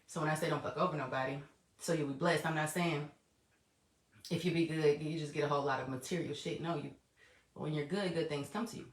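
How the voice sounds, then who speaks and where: A woman's voice: deep voice, fairly even intonation, brisk. A woman hosting her own podcast alone, chatting casually and laughing often, swearing freely and talking straight to her listeners. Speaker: podcast host. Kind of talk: casual solo podcast monologue. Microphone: laptop or voice memo recording. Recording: echoey room.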